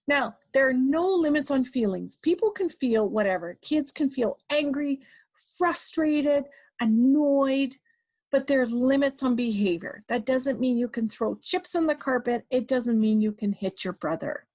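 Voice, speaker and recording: This is a middle-aged woman giving a parenting talk, with a voice that sits fairly high. She is emphatic and direct, and she drives her points home with short, repeated commands. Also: expressive, measured pace, darkish tone. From Canada. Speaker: parenting educator.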